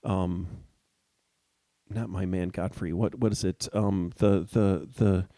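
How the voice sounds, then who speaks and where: Low, mellow-voiced man chatting loosely. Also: fairly even intonation, slow pace, dry recording. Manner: rambling, searching for words, many restarts. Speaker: podcast co-host. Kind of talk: casual chat.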